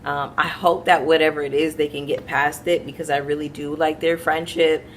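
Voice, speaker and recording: A woman's voice: sits low, level tone, moderate pace, slight background noise. A woman chatting casually to her viewers as she recaps a reality TV episode, opinionated and talking straight to her audience.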